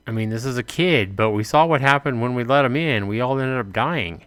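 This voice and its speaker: A man's voice: medium pitch, brisk, fairly bright tone. A man casually commenting while livestreaming a game and reading its lines aloud. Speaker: gaming livestreamer. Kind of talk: casual let's-play commentary.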